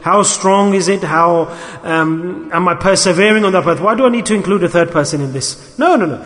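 A man with a high voice gives an earnest, repetitive sermon. He works Arabic religious terms into his English. His voice rings with a long reverb, as in a large hall. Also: fairly quick, fairly bright tone. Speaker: preacher.

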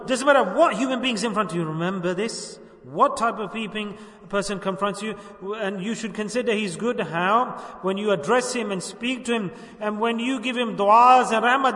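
A man's voice: high-pitched, bright, forceful tone. A man giving a sermon as a religious teacher, preaching and often checking whether his listeners follow with rhetorical questions. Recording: echoey hall, speaker far from mic.

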